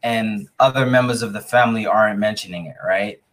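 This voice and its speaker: A man interviewing a guest, measured and often checking in with "right?". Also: fairly low pitch, fairly bright tone, low-quality recording. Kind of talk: interview questions.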